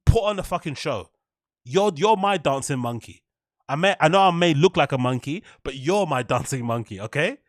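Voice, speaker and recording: A man's voice: fairly high pitch, expressive, normal speed, no echo, clean studio sound. Heated, swearing British man. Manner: profane, heated, laughing at his own jokes. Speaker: podcast host. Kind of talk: ranting comedic commentary.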